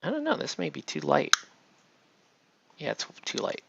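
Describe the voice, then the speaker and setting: A man's voice: a little high, wildly swooping pitch, normal speed, creaky, heavy background noise. A man hosting a casual painting tutorial, chatty and rambling as he works, often checking in with "right?". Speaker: miniature painting host. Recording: dull lo-fi dry sound.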